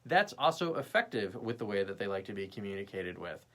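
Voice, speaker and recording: A young man chats on his livestream in a lively voice that rises and falls a lot. He talks bluntly and swears freely, and he slips into quick imitations of other people. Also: fairly low pitch. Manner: animated, mimics people in quick bits; blunt and profane. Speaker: livestream host. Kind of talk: casual live chat reading viewer comments.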